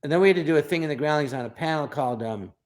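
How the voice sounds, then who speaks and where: A man's voice: on the high side, rapid-fire. An older man, a comedian, telling stories in a casual interview, acting out quotes in little voices and often restarting his sentences. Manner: animated, acts out quotes with voices, stammers and restarts. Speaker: guest comedian.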